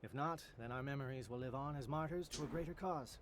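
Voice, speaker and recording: A man voicing a stern, formal alien military captain in a video game, giving a solemn, measured briefing. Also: medium pitch, background noise, natural voice. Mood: grave.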